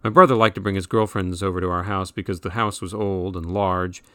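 Low-voiced male audiobook narrator. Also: fairly even intonation, a little fast, fairly bright tone, clear, resonant tone, no echo.

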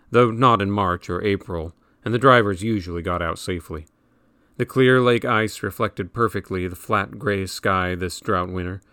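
A man reading a novel aloud in measured, wry audiobook narration. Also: deep voice, fairly bright tone, clean tone, dry recording.

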